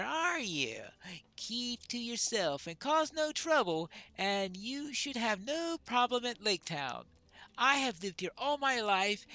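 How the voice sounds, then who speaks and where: Player doing a jovial regular, bouncy pitch, bright. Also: dry recording, exaggerated voice.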